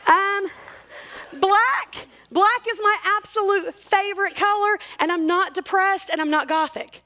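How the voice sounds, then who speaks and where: With a very high-pitched voice that sounds pushed and bright, a woman in her forties gives a funny talk at a church service. She is chatty and self-mocking, filling it with jokes for the church crowd.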